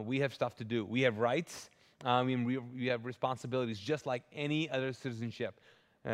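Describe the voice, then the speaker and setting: Preaching man in an echoing church. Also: mid-range voice. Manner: earnest, emphatic preaching with frequent restarts and fillers. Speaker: pastor. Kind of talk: live sermon. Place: large church auditorium. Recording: long hall reverb.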